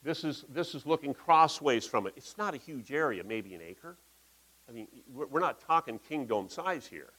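A man's voice: medium pitch, expressive, normal speed, a bit bright, rough recording. A man giving a conversational, folksy sermon in a church, talking through slides with asides. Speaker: pastor.

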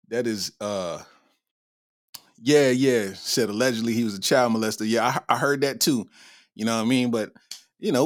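A man hosts a comedy podcast, offering casual comedic commentary in loose slang with frequent laughter and an irreverent attitude. His voice is on the low side, recorded cleanly in a studio with no room sound.

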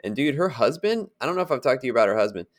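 A man's voice: mid-range voice, sing-song, racing. A man co-hosting a podcast in casual chat, rambling and chatty, laughing at his own stories. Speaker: podcast co-host.

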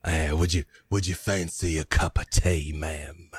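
A man voicing a towering, brash and flirtatious male tiefling with a gruff, lowered voice. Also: fairly even intonation, measured pace, dry recording, heavily acted. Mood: teasing.

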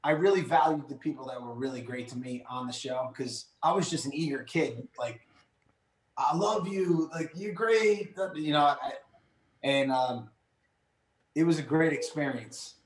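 A man in his thirties telling stories in casual chat, animated and rambling with lots of fillers. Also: mid-range voice, normal speed. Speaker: podcast guest. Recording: echoey room.

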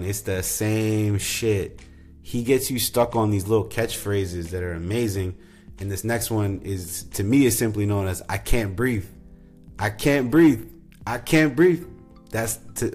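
A young adult man casually introducing comedy clips, relaxed and rambling with many fillers. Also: fairly low pitch. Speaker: podcast host. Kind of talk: casual commentary.

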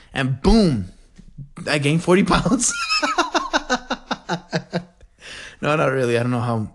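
Rambling man hosting a casual podcast. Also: mid-range voice. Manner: animated, digressive, says "freaking" a lot. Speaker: podcast host.

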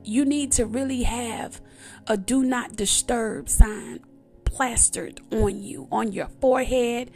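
A woman's voice: fairly high pitch, steady tone, takes it slowly, a little mellow, soft background music. A woman giving an emphatic, repetitive personal testimony in a conversational preaching style. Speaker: devotional speaker.

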